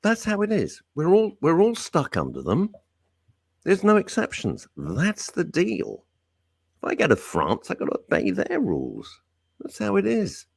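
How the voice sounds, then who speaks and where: A man hosting a talk radio show, delivering a blunt, opinionated rant with big swings in pitch. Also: huge pitch swings, measured pace, vocal fry, breathy edge, dry recording, studio quality. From Britain. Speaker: radio host. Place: radio studio.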